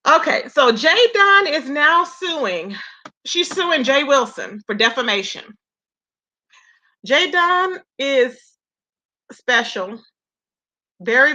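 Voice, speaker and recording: Sassy high-voiced woman recapping gossip. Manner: sassy, animated, laughs a lot, says "okay" and "period". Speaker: YouTube commentary host.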